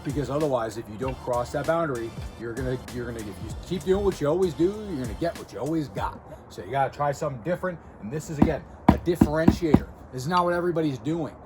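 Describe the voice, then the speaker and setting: Man, host of a coaching video, blunt and direct, mid-pitched voice, clear music underneath. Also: fast talker, hardly any pauses. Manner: direct, blunt, often checks in with "okay?" and "right?". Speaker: self-improvement video host. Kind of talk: casual coaching talk to camera. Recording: music playing clearly behind him.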